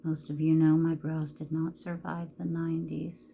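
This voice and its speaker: A woman's voice: deep voice, completely flat delivery, normal speed, vocal fry, warm tone, a little hiss or hum. A middle-aged woman chatting casually through a get-ready-with-me makeup video, rambling along and cracking crude jokes. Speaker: makeup vlogger.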